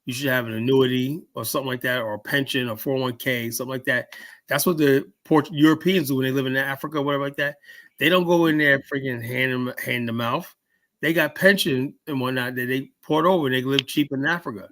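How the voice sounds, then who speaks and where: A man's voice: medium pitch, steady tone, a bit bright. A man hosting a casual chat, talking loosely with plenty of swearing and fillers. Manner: loose and profane, drawn-out fillers. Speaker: podcast host.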